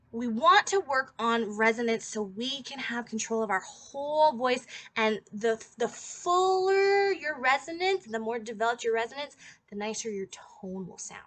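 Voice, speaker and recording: A young woman with a slightly higher-than-average voice teaches singing in a casual, chatty way. She stops now and then to sing short demonstration notes. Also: fairly bright tone. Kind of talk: casual vocal lesson.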